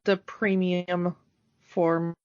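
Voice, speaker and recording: A woman's voice: fairly low pitch, flat delivery, drawn-out words, a little mellow, dry recording. A woman co-hosting a nostalgic podcast in casual chat, hesitant and full of fillers. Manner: hesitant, lots of fillers, laughs easily. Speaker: podcast co-host. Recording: dry, dull lo-fi podcast mic.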